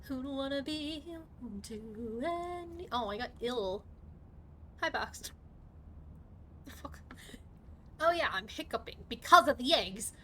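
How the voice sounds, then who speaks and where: A woman streaming a game live, chatty and excitable, swearing often and talking to her chat. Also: high voice, unhurried, slight background noise. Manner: excitable reactions, sudden outbursts. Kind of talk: live gaming commentary.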